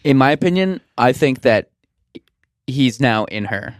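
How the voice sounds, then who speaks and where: A man co-hosting a podcast, retelling a film scene in a casual, animated way, often laughing and acting out the characters' lines. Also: mid-range voice, a little slow, no echo, studio quality. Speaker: podcast co-host. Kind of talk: casual movie review chat.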